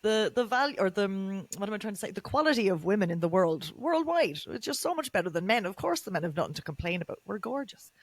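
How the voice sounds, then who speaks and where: A woman's voice: medium pitch, very animated, fast talker, hardly any pauses, dry recording. A young Irish woman hosting a podcast, chatting casually and telling jokey stories with gusto. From Ireland, Cork. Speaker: podcast host. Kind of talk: casual chat.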